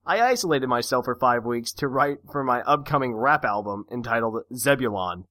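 A man's voice: medium pitch, expressive, moderate pace, bright, forceful tone, dry recording, studio quality. A man reading a fan letter as a boastful young wannabe rapper, mock-cool and showy. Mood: swaggering. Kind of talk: reading a listener letter aloud.

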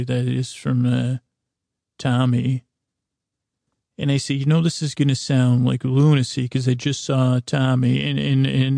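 A man with a deep gravelly fry tells a rambling, comedic bedtime story in a flat, deadpan way. His dark, mellow voice sits on a narrow pitch range, close and dry, and he stumbles through restarts and side trails as he goes. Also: no room sound. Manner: halting, meandering delivery full of restarts. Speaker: podcast storyteller.

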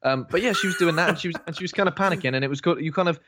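A man's voice: on the high side, racing, fairly bright tone. A man in casual film podcast chat, joking and slipping into silly voices. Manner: joking, does silly voices mid-story. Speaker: podcast co-host.

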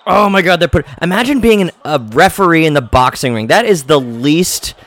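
A podcast host giving live, jokey reaction commentary while watching a film, often exclaiming and gasping. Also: male voice, fairly high pitch, expressive, normal speed, fairly bright tone, dry recording. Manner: jokey asides.

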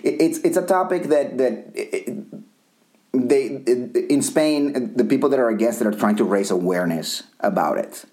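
A man's voice: medium pitch, normal speed, darkish tone. A man from Colombia co-hosting a podcast, rambling in casual chat with frequent restarts and casual swearing. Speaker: podcast co-host.

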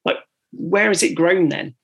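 A man's voice: on the high side, expressive, measured pace, creaky, fairly bright tone, slightly rough. A man co-hosting a podcast, chatting agreeably and repeating words as he thinks. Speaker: podcast co-host. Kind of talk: casual chat.

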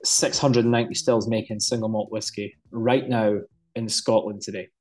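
A man's voice: on the low side, fairly even intonation, moderate pace, a little mellow, soft background music. A man co-hosting a podcast, chatting casually in a jokey, rambling way. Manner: jokey, rambling, self-deprecating. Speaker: podcast co-host.

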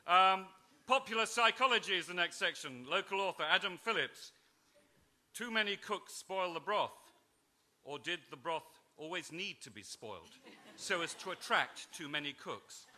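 A man, an author at a literary festival, reading comic parodies with dry, brisk, self-mocking asides and small hesitations. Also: sits high, expressive, pushed and bright. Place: festival stage before an audience.

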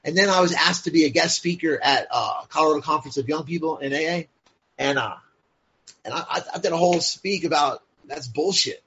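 A husky, breathy man with a fairly high voice tells his story candidly, blunt and profane, leaning on "like" and "you know". The recording sounds dull and lo-fi. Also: a little fast, pushed and bright. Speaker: podcast guest.

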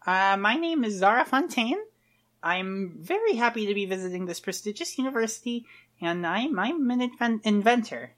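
A woman's voice: mid-range voice, expressive, moderate pace, natural voice. A woman playing a bluffing young inventor. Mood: polite. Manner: hesitant, rambling with fillers.

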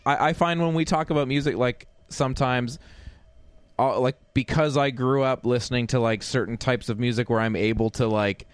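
A man's voice: medium pitch, fairly even intonation, moderate pace, clear, resonant tone, no echo. A man co-hosting a casual music review podcast, talking in rambling sentences with many restarts. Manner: rambling, restarts and filler-heavy. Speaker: podcast co-host.

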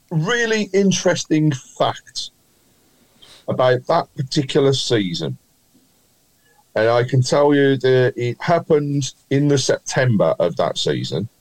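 A man's voice: medium pitch, darkish tone, no echo, poor audio. A man with a Birmingham accent hosting a football quiz on a casual podcast, stretching out his clues and teasing the panel. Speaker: quiz host.

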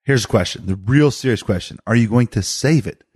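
A man's voice: fairly low pitch, a little fast, darkish tone, breathy edge, no echo, studio quality. A middle-aged man co-hosting a podcast who chats casually and teases with pointed questions. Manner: teasing, ribbing questions. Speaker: podcast co-host. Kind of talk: casual chat.

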